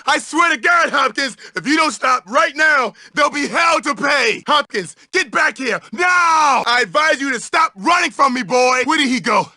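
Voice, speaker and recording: A man's voice: very high voice, expressive, normal speed, hardly any pauses, bright, forceful tone, no room sound, raised voice, clean studio sound, exaggerated voice. A man voicing a pompous, bullying teenage prefect in a game, commanding and sneering. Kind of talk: video game voice lines.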